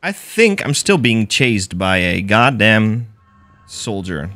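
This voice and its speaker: Laid back streamer guy goofing around, slow talk, pitch all over the place. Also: big pitch swings, pushed and bright. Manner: playful, self-mocking, swears. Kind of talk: casual gameplay commentary.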